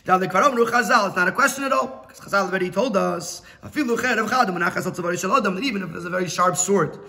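Bright high-voiced rabbi teaching a class. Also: male voice, racing, gravelly. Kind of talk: Torah lesson explaining a text.

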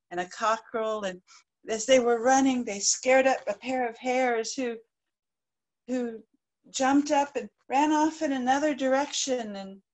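A woman storyteller narrating a folk tale aloud in a lively, expressive way. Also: a little high. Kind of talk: live oral storytelling.

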